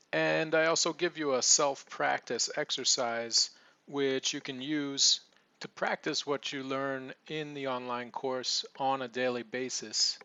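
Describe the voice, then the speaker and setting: A man's voice: mid-range voice, gravelly, pushed and bright, dry recording, highs cut off. A man teaching pronunciation, patiently repeating example sentences. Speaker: accent coach. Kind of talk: relaxed teaching monologue.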